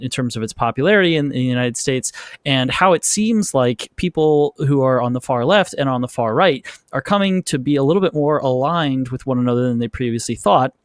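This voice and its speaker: A man's voice: mid-range voice, expressive, fairly quick, dry recording, clean studio sound. A man hosting an interview podcast, asking long questions in a hesitant, searching way. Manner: hesitant, searching phrasing with restarts. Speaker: podcast host.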